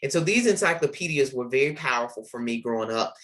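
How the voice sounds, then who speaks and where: In his forties, this male podcast host and literacy educator speaks fast in a mid-range, expressive, fairly bright voice. He earnestly shares reflective personal stories, with the occasional filler word.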